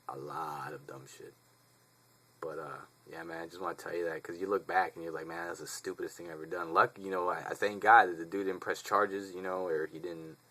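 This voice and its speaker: This low-voiced man in his twenties sounds bright and forceful as he rambles through a story for the camera. As a vlogger, his telling is casual, profane and full of slang.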